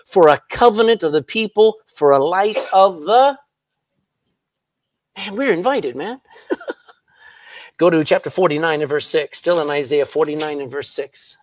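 A man's voice: on the high side, no echo. A man preaching a sermon in church, reading scripture aloud and laughing at his own jokes. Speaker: pastor.

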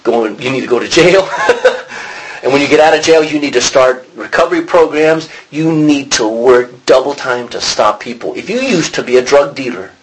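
A man's medium-pitched voice with a breathy edge comes through a rough recording at normal speed. He's teaching a relaxed Bible study, engaging the class with questions and animatedly dramatizing the lines he quotes.

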